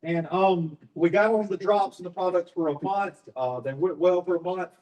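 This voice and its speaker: A man from Alabama giving a testimony to a live audience, telling his story haltingly with many fillers. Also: high-pitched, a little mellow, far from the mic, muffled recording. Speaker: business partner sharing his story.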